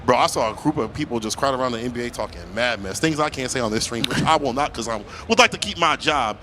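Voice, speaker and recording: A man's voice: mid-range voice, expressive, fast talker, noisy background. A man commentating a fighting game tournament live at a convention, casual and slangy, joking between calls. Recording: music playing behind the voice.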